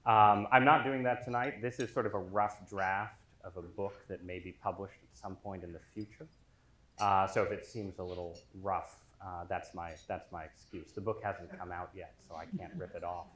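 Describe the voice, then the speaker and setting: A man's voice: sits low, steady tone, moderate pace, fairly bright tone. A man giving an after-dinner lecture to a dinner crowd, joking at his own expense and leaning on ums. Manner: self-deprecating, joking, with filler ums. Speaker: featured dinner speaker. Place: large dining hall. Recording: echoey hall with faint noise.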